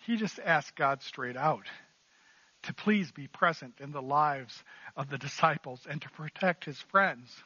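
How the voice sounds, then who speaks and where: A man's voice: a little high, unhurried, sharp tone, husky, no room sound, muffled recording. A man preaching a sermon in an earnest, emphatic way, repeating key phrases. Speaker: pastor.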